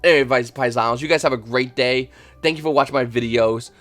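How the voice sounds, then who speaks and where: A man talks to his viewers at a quick clip, giving casual advice. He rambles, restarts sentences and lands on emphatic points, sometimes acting out short exchanges. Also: medium pitch, soft background music. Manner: rambling, with many restarts and fillers; emphatic and animated, acts out little dialogues. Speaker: channel host.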